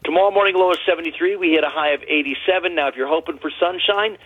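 A man's voice: on the high side, very fast, husky, dry recording. A man giving the weather forecast for a radio show in an upbeat, chatty, folksy way, calling in by phone. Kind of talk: weather report on a call-in. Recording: dry, tinny phone line.

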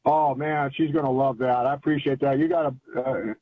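A man's voice: medium pitch, fairly even intonation, moderate pace, slightly rough, dry recording. Older male caller on a tinny phone line. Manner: rambling, enthusiastic, colloquial. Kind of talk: phone-in chat.

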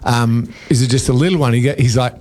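A man's voice: medium pitch, fast, darkish tone, slight background noise. A man, a radio breakfast host, telling a rambling, self-mocking story in casual studio banter.

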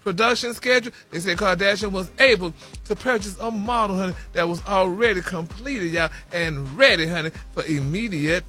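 A man's voice: high voice, moderate pace, pushed and bright, soft background music. A man reporting celebrity news on a radio show in a sassy, gossipy way, calling listeners "honey" and "y'all" constantly. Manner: sprinkles "honey" and "y'all" through every sentence; sassy, chatty.

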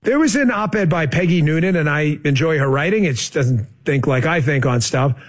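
A man hosting a political talk show, combative and sarcastic, often rising into heated outbursts. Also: fairly high pitch. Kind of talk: opinionated political commentary.

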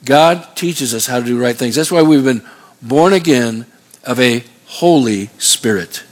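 A man's voice: mid-range voice, a little slow. A man preaching a sermon, going through numbered points and having the congregation fill in words. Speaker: pastor.

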